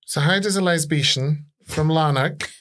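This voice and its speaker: A man's voice: a little high, unhurried, a bit bright. A man co-hosting a casual interview, asking questions and making teasing quips. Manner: quippy, teasing. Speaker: podcast co-host, comedian.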